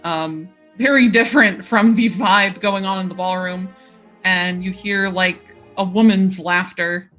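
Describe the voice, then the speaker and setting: A woman acting as game master, narrating a tabletop game in a relaxed, hesitant way with many fillers. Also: mid-range voice, unhurried, soft background music.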